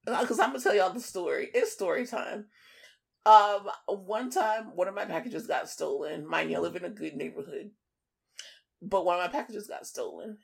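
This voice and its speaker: A woman co-hosting a podcast in casual chat, telling a story in an animated, profane way and acting out the other people in it. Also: mid-range voice, normal speed, vocal fry, husky. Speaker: podcast co-host.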